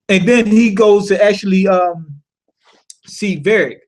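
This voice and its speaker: Male reviewer, high-pitched voice, offhand profane recap, slangy and rambling. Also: a little slow. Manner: loose and profane, heavy on slang and fillers; animated, thinks aloud with rhetorical questions. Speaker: cartoon episode reviewer. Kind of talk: casual spoken recap.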